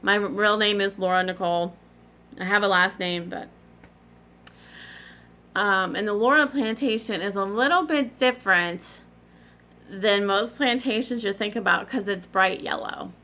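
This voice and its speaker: A woman's voice: mid-range voice, measured pace, long pauses, sharp tone. A middle-aged woman rambling in a casual, digressive chat to her vlog audience, often apologizing in asides. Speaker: cross-stitch vlogger.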